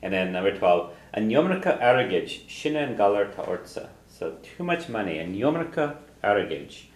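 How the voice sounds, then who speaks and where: Low-voiced male teacher, patient and repetitive, recorded in an echoey classroom. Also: big pitch swings, normal speed. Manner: patient, repeats phrases, chuckles often. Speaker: language teacher. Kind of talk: classroom lesson, explaining phrases. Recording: roomy classroom echo, faint noise.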